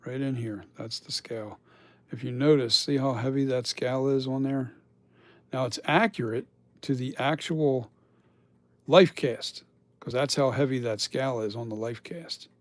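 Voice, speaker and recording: A man's voice: medium pitch, a little slow, no room sound. A man chatting casually on a live stream about sculpting masks, rambling and swearing now and then as he talks.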